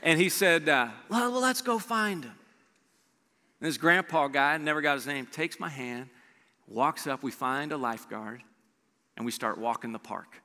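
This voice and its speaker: A man preaching a sermon as pastor, telling a story with animated delivery and dropping to a soft hush for emphasis. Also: medium pitch, normal speed, in a large hall.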